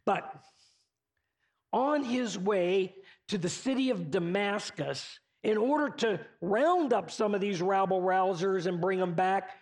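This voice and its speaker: Slow-talking high-voiced male preacher. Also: a little mellow. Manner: conversational, casual paraphrase with asides to listeners. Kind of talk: sermon storytelling.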